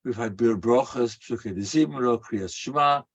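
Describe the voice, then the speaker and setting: An older rabbi preaching through stories, with a husky, breathy edge to his voice. His pitch sits in the middle, and he brings anecdotes alive with lively delivery. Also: normal speed, lo-fi sound. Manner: animated, acts out quoted voices. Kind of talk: storytelling sermon.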